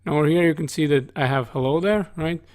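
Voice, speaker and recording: A man's voice: a little high, fast talker, a little mellow. A man teaching coding over a screen recording, talking casually and asking "right?" after nearly every phrase. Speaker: coding instructor. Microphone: studio desk microphone.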